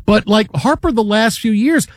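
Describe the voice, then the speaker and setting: High-voiced excitable male sports host. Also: normal speed, dry recording, clean studio sound. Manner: animated storyteller, acts out quotes, shouts when excited. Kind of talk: casual sports talk.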